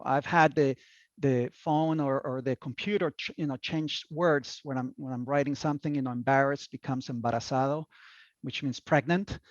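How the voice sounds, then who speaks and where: A man gives a relaxed talk about slides, rambling a little with fillers and restarts and chuckling at his own jokes. His voice sits a bit high. The sound is dull and muffled, with a dry, close feel. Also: dry recording. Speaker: lecturer presenting slides. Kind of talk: casual presentation talk.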